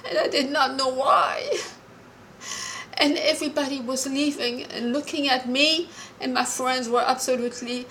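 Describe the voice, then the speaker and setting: A woman in her sixties tells a personal story in an earnest, halting manner, often pausing on fillers and restarting her sentences. Her voice is bright and forward, with a faint hiss of background noise. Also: medium pitch. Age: 60s. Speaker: caller sharing a personal story.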